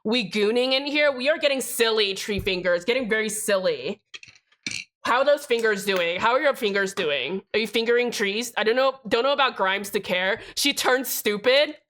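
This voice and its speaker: A young woman livestreaming, talking straight to her chat in a loose, rambling way, swearing often as she works on a keyboard build. Her voice is bright and sits a little high for a woman. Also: animated, moderate pace. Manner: chatty, rambling, swears freely, addresses chat directly. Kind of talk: casual stream chat while building a keyboard.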